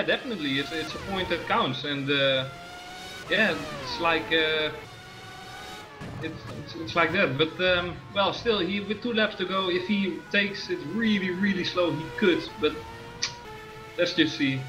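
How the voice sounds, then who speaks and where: A man co-commentates a live sim race in a high voice, stumbling through fillers and restarts and laughing easily. Music plays clearly underneath his voice. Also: a little slow, low-quality recording.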